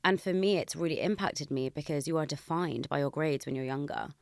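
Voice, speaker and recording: A woman in her thirties with a low-pitched voice, hosting a podcast in casual conversation. She speaks candidly and reflectively, openly sharing her feelings. The sound is close and dry, with no room around it. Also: fairly quick, gravelly, a little mellow, dry recording. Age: 30s. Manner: candid, reflective, emotional openness. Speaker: podcast host. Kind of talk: casual chat.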